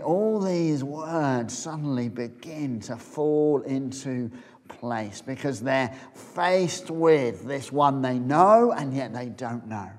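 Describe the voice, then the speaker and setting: A man preaching a sermon, retelling a story as if picturing it, dropping to a hush and then rising again. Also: mid-range voice, big-room sound. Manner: storytelling, imagining scenes aloud, swinging from loud to hushed.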